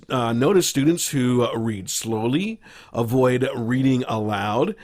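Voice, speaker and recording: A man presenting a recorded training lesson to fellow teachers, measured and explanatory, with occasional fillers. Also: medium pitch. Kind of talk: recorded slideshow lecture.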